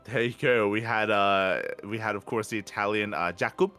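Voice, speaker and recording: Man, podcast co-host, low-pitched, relaxed recap, faint music underneath. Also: normal speed. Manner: relaxed, hedging, affirming with mm-hmm. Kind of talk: casual esports chat and results recap.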